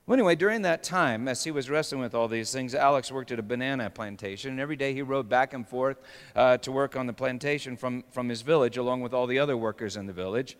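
A man's voice: mid-range voice, fast talker, smooth. Impassioned man preaching in a reverberant hall. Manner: dramatic swings from hushed to shouting. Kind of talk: sermon. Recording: long reverb of a large hall.

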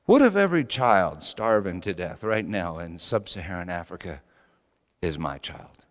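God as a loving, stern father, voiced by a male preacher, hushed, solemn, low and quiet, echoing hall. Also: sing-song, normal speed. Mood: hushed, grave.

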